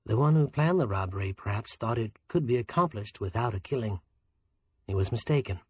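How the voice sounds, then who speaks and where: A man's voice: lively intonation, a little fast, darkish tone, breathy edge. A man doing a toneless, placid detective. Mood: measured. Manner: toneless, placid, low and subdued. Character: calm, quietly steady small island detective.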